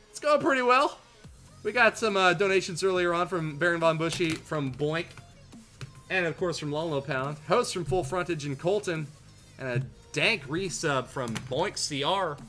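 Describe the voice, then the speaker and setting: Male streamer, pitched a bit high, bright forward tone, joking chat-reader energy with faint music underneath. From Canada. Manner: reads viewer jokes aloud, playful and self-mocking. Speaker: tournament streamer and caster. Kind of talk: casual livestream chat and game commentary.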